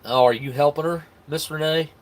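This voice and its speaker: Hosting a live stream, an American man from the United States chats loosely as he responds to viewers' comments. He rambles in a relaxed manner, restarting often and laughing. His pitch is fairly high, his intonation fairly even, and his pace moderate.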